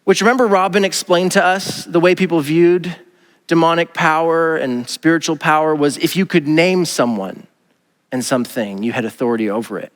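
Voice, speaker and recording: A man, a pastor preaching a casual, animated sermon and acting out the voices he quotes. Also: a little high, moderate pace, long reverb tail. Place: church auditorium.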